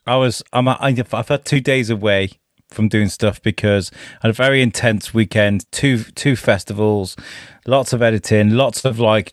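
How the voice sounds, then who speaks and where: Podcast host, loose storyteller, drops the odd swear, laughs a lot. Dry, close sound. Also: male voice, fairly low pitch, dry recording. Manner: animated, swearing storyteller who laughs often. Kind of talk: casual chat.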